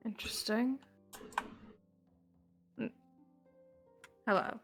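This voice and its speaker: A woman playing in a tabletop game, talking slowly and expressively. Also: a little high, steady tone, vocal fry, fairly bright tone, faint music behind. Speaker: player. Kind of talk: tabletop role-play chat.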